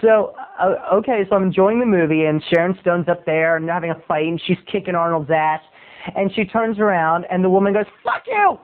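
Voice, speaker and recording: A man's voice: sits high, fairly quick. A man video blogger telling a rambling comic story in a chatty, playful, digressive way. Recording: tinny phone-like recording.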